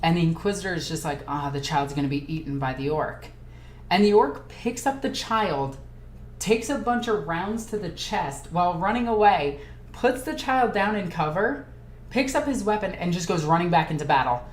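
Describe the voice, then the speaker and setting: A woman hosting a casual live Q&A stream. She reads viewer comments aloud and chats excitedly, jumping from topic to topic. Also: medium pitch, normal speed. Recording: echoey room with faint ambient noise.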